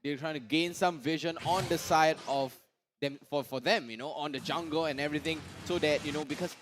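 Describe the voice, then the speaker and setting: A man's voice: on the high side, brisk, background noise. A man with a Singaporean English accent giving casual, joking color commentary on a mobile game match. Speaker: esports co-caster.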